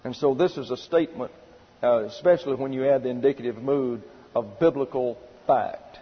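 A male preacher with a mid-range, slightly rough voice speaks at a moderate pace. His sermon lays out Bible teaching methodically through numbered subpoints, with rhetorical questions delivered emphatically. Long hall reverb and a muffled quality color the recording.

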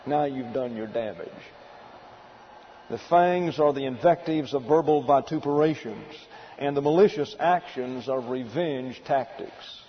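A man preaching a sermon, working through numbered points in a deliberate, emphatic way. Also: mid-range voice, lo-fi sound, a little hiss or hum. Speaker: pastor.

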